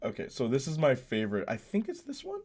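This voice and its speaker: Young male streamer, loose rambly gaming chat, pitch swinging up and down, laughs a lot. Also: huge pitch swings, fast, darkish tone. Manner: rambling, laughs often, many restarts.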